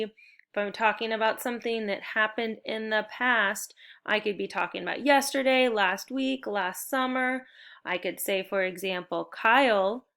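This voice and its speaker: A woman with a bright, crisp voice teaches spelling to young children. She is upbeat and encouraging and walks the class through each step clearly. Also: medium pitch.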